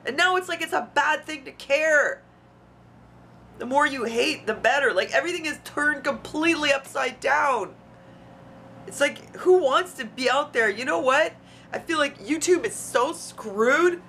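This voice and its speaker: A woman's voice: sits high, lively intonation, a little slow, a bit bright, a little hiss or hum. A woman venting on her video blog, outspoken and frustrated, swearing freely as she talks. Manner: heated, frustrated. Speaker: YouTuber. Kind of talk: emotional vlog rant. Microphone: camera mic.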